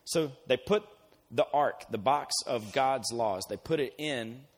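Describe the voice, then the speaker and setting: A man's voice: medium pitch, measured pace. A man casually retelling a Bible story as a youth pastor, acting out the characters in slang. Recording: long hall reverb.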